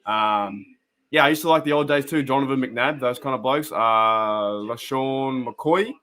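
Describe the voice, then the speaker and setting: A man's voice: mid-range voice, measured pace, a bit bright. A young Australian man hosting a casual fan live stream, chatting rambly with viewers and commenting on a game. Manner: rambling, chatty, laughs often, greets viewers by name.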